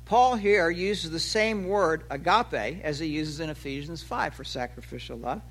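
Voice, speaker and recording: High, bright-voiced preaching man. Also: measured pace. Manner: animated preaching, voice rising for acted quotes and dropping low at phrase ends. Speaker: pastor. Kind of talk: sermon.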